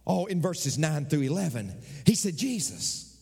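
A middle-aged man preaching a sermon as pastor, swinging from shouts down to whispers. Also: on the high side, expressive, normal speed, vocal fry, slightly rough, long reverb tail.

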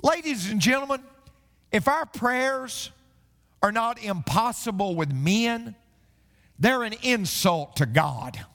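A man's voice: high voice, animated, takes it slowly, a bit bright, in a large hall. A male pastor preaching a sermon, telling stories and building to repeated refrains.

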